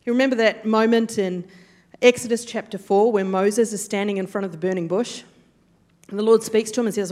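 A woman's voice: a little high, a little fast. A woman preaching a sermon, telling stories animatedly and acting out the quotes. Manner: storytelling, animated, acts out quotes.

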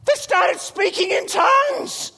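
A man voicing his excited ten-year-old son, in a high, eager, blurting voice. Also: slow, vocal fry, in a large hall, full character voice. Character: excited young boy, about ten.

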